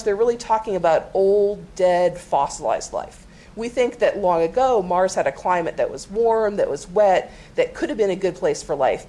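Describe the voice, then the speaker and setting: A woman with a slightly low voice gives a public science talk. She explains with enthusiasm and the occasional filler. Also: darkish tone. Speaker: planetary scientist panelist. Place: auditorium stage.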